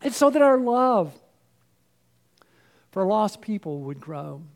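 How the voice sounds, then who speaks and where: High-voiced preacher losing his voice. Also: sing-song, takes it slowly. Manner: earnest, rhetorical questions, swings from loud to hushed. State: losing his voice, throat clearing. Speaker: pastor. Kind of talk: sermon.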